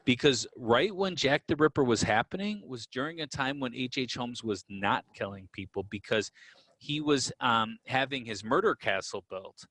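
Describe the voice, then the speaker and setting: A man co-hosts a podcast in a loose, conversational way, laying out history with easy asides. His voice sits at a middling pitch. The sound is close and dry, with no room echo. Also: moderate pace. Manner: relaxed, with fillers and restarts, explaining history. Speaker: podcast co-host. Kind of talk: casual conversational storytelling.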